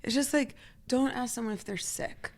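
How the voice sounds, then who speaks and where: A woman co-hosts a relaxed podcast conversation, her voice sitting a touch high for a woman. She is animated and laughs a lot. She slips into playful voices to act out what others said. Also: normal speed. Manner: animated, laughs often, acts out quotes. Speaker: podcast co-host. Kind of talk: casual chat.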